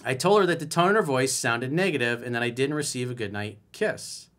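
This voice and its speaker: A man's voice: mid-range voice, brisk, a bit bright. A man giving dating advice as a coach in a solo video, reading a viewer's email aloud and commenting on it bluntly and emphatically.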